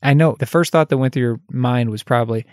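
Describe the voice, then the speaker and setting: A man's voice: mid-range voice, quick pace, no room sound, clean studio sound. A male life coach hosting a solo podcast, talking candidly and conversationally, laughing at himself and lifting his voice when he acts out example phrases.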